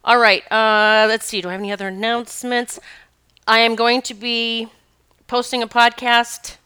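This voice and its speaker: A woman's voice: a little high, little pitch movement, moderate pace, sharp tone, smooth. A woman hosting her own podcast in a chatty, gushing, emphatic way, telling listeners about people and her upcoming spiritual courses. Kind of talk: casual podcast chat.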